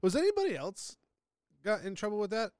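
A young man co-hosting a podcast in casual chat, tossing in quick wisecracks and laughing often. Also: high-pitched, wildly swooping pitch, a little mellow, no echo, clean studio sound. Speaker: podcast co-host.

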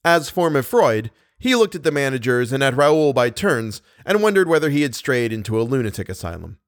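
Man, audiobook narrator, expressive storytelling, varied intonation, dry close recording. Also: medium pitch, a little fast, no room sound. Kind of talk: scripted narration.

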